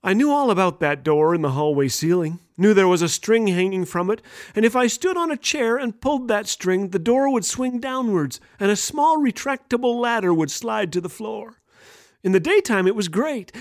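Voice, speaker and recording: A man's voice: normal speed, no room sound. A man hosting a radio show, telling humorous stories that lead into a devotional message. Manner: lively, playful storyteller with a wide-ranging pitch. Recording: dry studio voice with faint music.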